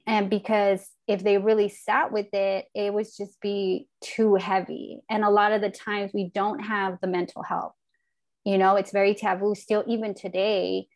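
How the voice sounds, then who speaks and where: As a podcast host, a woman in her forties speaks earnestly and reflectively in a medium-pitched, flat voice at a moderate pace. The conversation is candid and heartfelt, casual, with an odd swear word.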